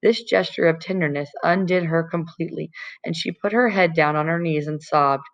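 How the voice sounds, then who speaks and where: A woman narrating a novel aloud as an audiobook reader, in a calm, even storytelling manner. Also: deep voice, moderate pace, gravelly, highs cut off. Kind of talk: scripted narration.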